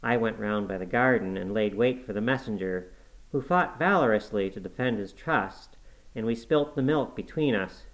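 A man narrating a classic novel in a measured, expressive storytelling manner. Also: mid-range voice, poor audio. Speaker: audiobook reader.

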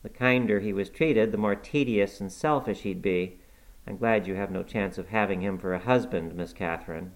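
A man reading aloud, voicing a stern, blunt middle-aged housekeeper who scolds briskly. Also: on the low side, close to an everyday voice, poor audio. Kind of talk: audiobook reading.

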